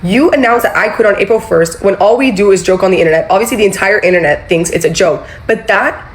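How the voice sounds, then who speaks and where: Young woman, animated storyteller, acts out quotes, swears freely. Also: mid-range voice, fast talker, rough recording. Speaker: former employee telling her story. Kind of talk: casual storytelling.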